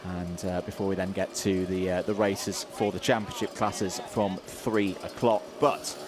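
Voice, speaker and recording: A man commentating a kart race live, steady and informative as he sets out the grid. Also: low voice, unhurried, crowd noise.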